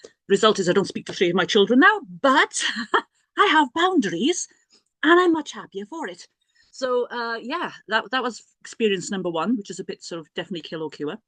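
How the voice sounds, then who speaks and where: A woman's voice: a little high, sing-song, a little fast, fairly bright tone, no room sound. A middle-aged woman, a priestess and healer, telling a personal story in a chatty, self-mocking way with many restarts and asides.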